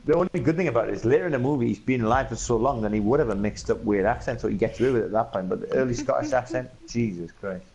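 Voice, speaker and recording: Fast-talking gravelly man on voice chat. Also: mid-range voice, a little mellow, highs cut off. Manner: quick, chatty, laughs often. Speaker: racing game player. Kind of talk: casual chat while gaming.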